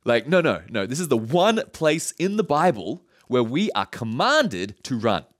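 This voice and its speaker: Lively, animated male preacher. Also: medium pitch, unhurried. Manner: lively storytelling with laughs and asides. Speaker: pastor. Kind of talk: sermon.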